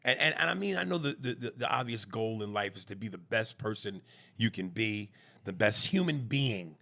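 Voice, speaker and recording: A man's voice: on the low side, lively intonation, moderate pace, bright, forceful tone. A man co-hosting a podcast in casual chat, blunt and profane, punching his key words hard. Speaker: podcast co-host.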